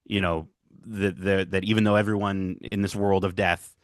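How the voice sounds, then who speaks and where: A man guesting on a podcast, talking in a rambling, excitable way and laughing often. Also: low voice, normal speed, no room sound, clean studio sound. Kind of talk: casual podcast chat.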